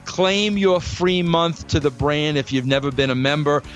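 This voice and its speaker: A man's voice: a little high, normal speed, soft background music. An older man hosting a podcast, talking bluntly and with energy, with "bro" in almost every thought. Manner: blunt, animated, says "bro" often. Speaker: podcast host. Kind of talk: casual podcast talk.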